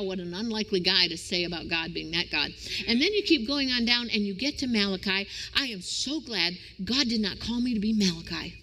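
A woman preaching a sermon with emphatic rhetorical questions that climb into high, excited exclamations. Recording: reverberant hall.

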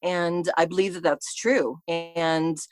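A woman's voice: on the low side, fairly even intonation, slow, dry recording. A middle-aged woman, a guest in a casual interview, telling personal stories in a chatty way, full of fillers and quoting herself.

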